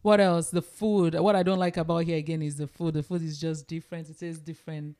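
A woman's voice: low voice, level tone, brisk, background noise. A woman from Nigeria co-hosting a casual podcast chat, speaking emphatically and summing up points. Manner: emphatic, finishes her partner's phrases and sums up points. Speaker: podcast co-host.

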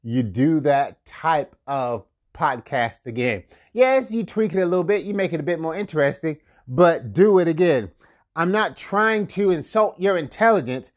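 High-voiced energetic marketing podcast host. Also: male voice, moderate pace. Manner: energetic, repeats catchphrases, chuckles often. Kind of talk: casual motivational talk.

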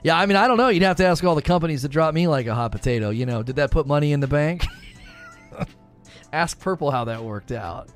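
A man hosting a casual live stream, rambling through quick asides and reading out chat. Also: on the high side, expressive, faint music behind. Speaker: livestream host.

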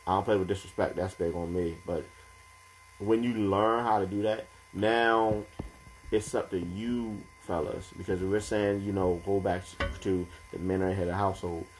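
A young man co-hosting a casual podcast chat, talking in a calm, measured, advice-giving way. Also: low-pitched, a little hiss or hum.

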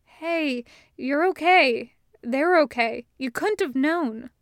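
A woman voicing a blunt, brisk magical girl heroine in a plain, matter-of-fact way. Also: high-pitched, dry recording, clean studio sound.

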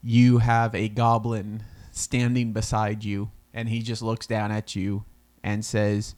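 A man's voice: on the low side, slow. Easygoing male game master. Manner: relaxed, laughs often, easygoing. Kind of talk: narrating a tabletop game.

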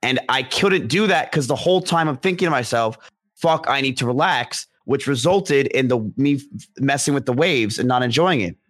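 A man's voice: mid-range voice, animated, brisk, a bit bright. A young man talking casually and rambling, with many restarts and fillers. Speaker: podcast guest discussing ADHD. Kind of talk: casual conversation.

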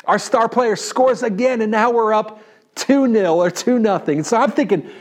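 New york pastor guy, fairly high voice, lively storytelling sermon, keeps asking right?. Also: normal speed. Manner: animated, talks to the audience with "right?".

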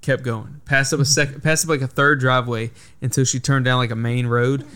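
A man's voice: mid-range voice, flat delivery, a little fast, fairly bright tone, clean tone. Rambling, swearing young man telling a story. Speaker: podcast host. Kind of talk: casual chat.

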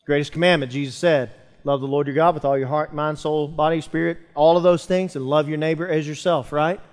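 A man's voice: fairly high pitch, fairly even intonation, a little fast, in a large hall. A man preaching a sermon to a church congregation, building emphasis and calling out to the listeners. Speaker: pastor. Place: church sanctuary.

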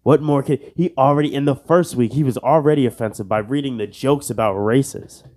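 A man's voice: medium pitch, a little fast, a little mellow. A young man hosting a casual solo podcast, joking and self-mocking, swearing under his breath while he plays a quiz. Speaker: podcast host.

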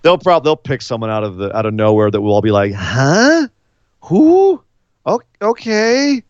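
Smooth-voiced man recapping wrestling casually. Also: fairly low pitch, animated, fast talker, a little mellow, no room sound. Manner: rambling, playful, fond of doing impressions. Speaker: podcast co-host. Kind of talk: casual chat and event recap. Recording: slightly dull lo-fi sound.

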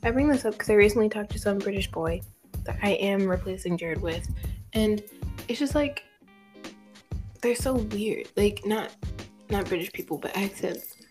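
A woman's voice: medium pitch, normal speed, long pauses, darkish tone, soft background music. A young American woman hosting a casual chat, talkative and teasing, full of likes and fillers. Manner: chatty, filler-heavy, teasing. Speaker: host.

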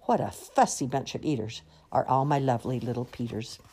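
A woman's voice: a bass voice, fairly quick, dark tone, slightly rough. A woman voicing a weary, patient mother of seven, speaking in fond, sing-song rhyming sighs.

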